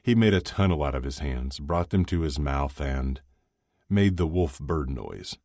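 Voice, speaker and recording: Very deep-voiced man reading a story. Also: expressive, measured pace, warm tone, no room sound, clean studio sound. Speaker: audiobook narrator. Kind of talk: scripted narration.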